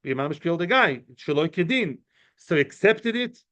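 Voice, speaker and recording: A man's voice: a little high, expressive, a little fast, bright, forceful tone. A man teaching an informal study class, explaining in a chatty way with many asides and answering students' questions. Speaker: Talmud teacher. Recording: muffled lo-fi recording.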